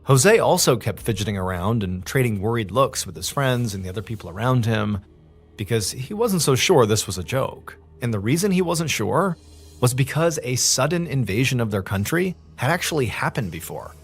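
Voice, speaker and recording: A man narrating a true story in a conversational, dramatic manner, pitching up as the tension builds. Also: very animated, moderate pace, husky, faint music behind. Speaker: storyteller host.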